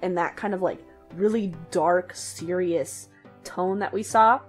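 A woman co-hosting a podcast in casual discussion, chatty and quick to laugh. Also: fairly low pitch, soft background music. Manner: chatty, laughs often, lots of "like" fillers. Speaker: podcast co-host.

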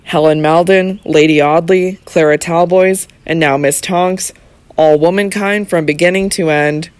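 A cool young barrister, as a narrator reads him, asking pointed questions in formal, polite phrasing. The voice stays mid-pitched and close, in a dry studio sound. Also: fairly even intonation, measured pace, clear, resonant tone, no echo, close to an everyday voice. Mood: probing.

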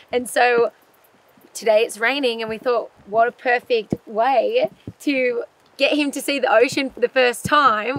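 A woman's voice: fairly high pitch, a bit bright. A woman hosting an outdoor show, chatting in a playful, teasing way. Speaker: show host. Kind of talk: casual outdoor show chat.

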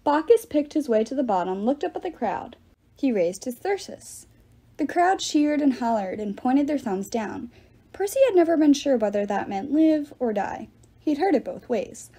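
Breathy, mellow woman reading a novel aloud. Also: high-pitched, normal speed. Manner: lively, expressive narration. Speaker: reader.

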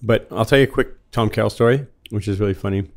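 A relaxed, chatty man in his fifties from Florida, talking as a podcast guest. His voice sits fairly low, and his easygoing, rambling delivery has the feel of someone swapping stories with a friend. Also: fast. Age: 50s. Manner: relaxed and chatty, laughs easily while telling anecdotes. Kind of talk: casual conversational storytelling.

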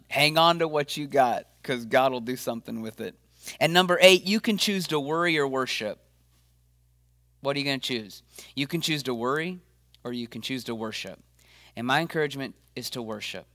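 Male pastor, middle-range voice, lively and encouraging video sermon, dry recording. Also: medium pitch, normal speed, no room sound. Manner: energetic, encouraging, acts out quoted voices.

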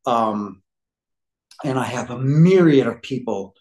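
A man's voice: medium pitch, expressive, takes it slowly, pauses often, darkish tone, low-quality recording. A man in his fifties, a podcast guest telling a personal story at home, rambling and often saying "you know". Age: 50s. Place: living room couch at home.

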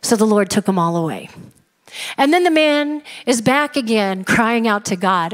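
A woman's voice: fairly high pitch, lively intonation, moderate pace. Emphatic woman pastor preaching in a hall. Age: middle-aged. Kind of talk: sermon. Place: church sanctuary. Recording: reverberant church hall.

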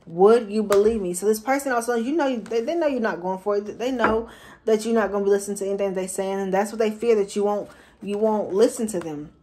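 A woman's voice: mid-range voice, fast, darkish tone, a little hiss or hum. Woman, tarot reader, casual and slangy, talks straight to her viewers. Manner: chatty, slangy, repeats herself for emphasis.

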